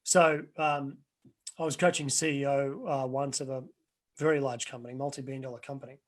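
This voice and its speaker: A man's voice: medium pitch, steady tone, fairly quick. A middle-aged man, a life coach answering webinar questions in an earnest, rambling way, restarting sentences and telling anecdotes.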